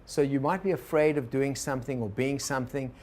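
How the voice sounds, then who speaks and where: Man lecturing with a lively storytelling voice. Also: mid-range voice, fairly quick. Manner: storytelling with quoted inner voices, asks the audience questions. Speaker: organizational consultant teaching a workshop. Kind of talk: workshop lecture.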